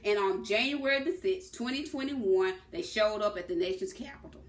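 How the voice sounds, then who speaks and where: A woman's voice: mid-range voice, normal speed. A woman giving a political commentary monologue, impassioned and emphatic, stressing her words. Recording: echoey room.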